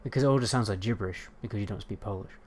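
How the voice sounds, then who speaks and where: A man's voice: on the low side, very fast, darkish tone, slight background noise. A man with a British accent chatting casually on a game livestream, rambling and swearing as he answers chat. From United Kingdom. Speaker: game streamer.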